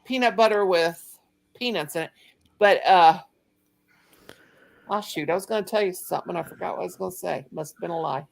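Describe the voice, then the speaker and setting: A woman's voice: lowish voice, a little fast, vocal fry, long pauses. A middle-aged woman hosting a casual family chat, rambling and telling stories with a lot of laughter. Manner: rambling, chatty storyteller who laughs a lot. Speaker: channel host.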